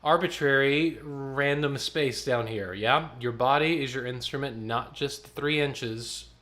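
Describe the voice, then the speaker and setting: A man leading a choir warm-up, coaching and demonstrating vocal exercises as a choir director. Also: medium pitch, a little slow.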